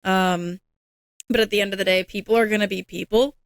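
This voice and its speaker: A woman co-hosting a podcast in casual chat, talking in a measured way with frequent "I mean" and "um.". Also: medium pitch, fairly even intonation, vocal fry, no room sound. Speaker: podcast co-host.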